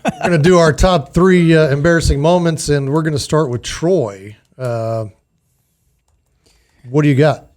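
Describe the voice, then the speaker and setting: A man's voice: fairly high pitch, a little slow, darkish tone. A man co-hosting a podcast in casual chat, hesitant and restarting his sentences. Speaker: podcast co-host.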